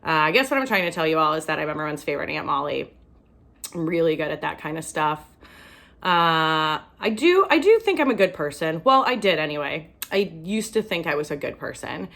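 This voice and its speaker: A young woman from Ohio works through a stand-up set with a self-mocking edge, breaking into laughter at her own jokes. Her voice sits a little low for a woman. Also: very animated, fairly quick, gravelly, fairly bright tone. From Ohio, USA. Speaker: stand-up comedian.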